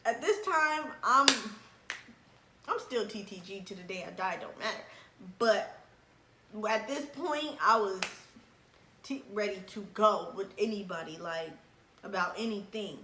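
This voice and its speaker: A young woman tells a personal story in casual chat, animated, laughing often and acting out what people said. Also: mid-range voice, measured pace, long pauses. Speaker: vlogger telling a story. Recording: echoey room with faint background noise.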